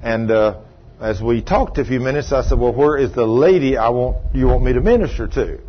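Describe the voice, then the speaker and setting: A man's voice: medium pitch, a little fast. A middle-aged man preaching a sermon as a story, folksy in tone and rising to emphatic outbursts. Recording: dull lo-fi recording.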